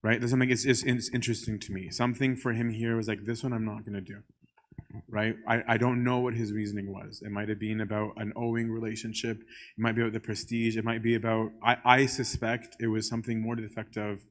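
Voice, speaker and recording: A man's voice: on the low side, little pitch movement, fast. A male priest giving a casual church teaching talk, conversational and full of "um" and "right?". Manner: conversational, often asks "right?"; frequent "um" fillers.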